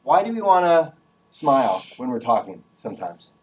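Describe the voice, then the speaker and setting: A man's voice: medium pitch, moderate pace, far from the mic, rough recording. An upbeat man gives a casual, jokey talk to a class on job skills. He is picked up a little away from the mic in a room. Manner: energetic, casual, jokey, acts out phone voices. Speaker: guest speaker giving a career talk.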